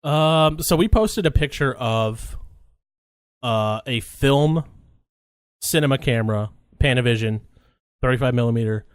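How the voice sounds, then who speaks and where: A man's voice: medium pitch, a little slow, long pauses, clear, resonant tone, no room sound, clean studio sound. A young man co-hosting a casual podcast chat, telling rambling stories full of fillers. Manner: rambling, filler-heavy storytelling with lots of "like". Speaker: podcast co-host.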